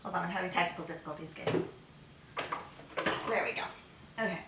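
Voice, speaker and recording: A middle-aged woman chef talks her way through a home cooking demo, chatty and relaxed. She sounds a little far from the mic in an echoey kitchen. Pots, pans and cutlery clink behind her. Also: lowish voice, brisk, gravelly, heavy background noise. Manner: chatty, talks to herself while working. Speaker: chef hosting a cooking video. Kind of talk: casual cooking demonstration.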